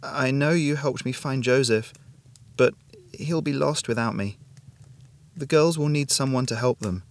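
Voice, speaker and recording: A man's voice: mid-range voice, a little slow, pitched above the performer's own voice, close to an everyday voice. A man voicing a frail, dying young woman who speaks in a strained, wheezing, pleading way.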